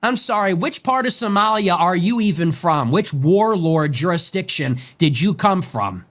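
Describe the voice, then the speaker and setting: A man's voice: high voice, lively intonation, moderate pace, fairly bright tone. A man delivering an angry commentary, swearing and sarcastic. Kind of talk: angry profane rant.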